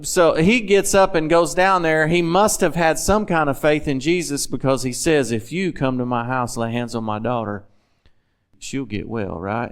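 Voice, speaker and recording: A man's voice: mid-range voice, smooth. A man preaching a sermon in a folksy, conversational way, often asking his listeners questions.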